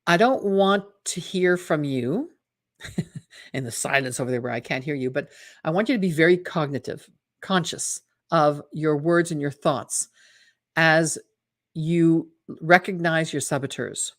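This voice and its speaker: A woman coaching on a live webinar, lively and chatty, often checking in with her audience. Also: sits low, normal speed. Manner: lively, acts out imagined inner voices in quotes; chatty, asks the audience "right?". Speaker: mental fitness coach hosting a webinar.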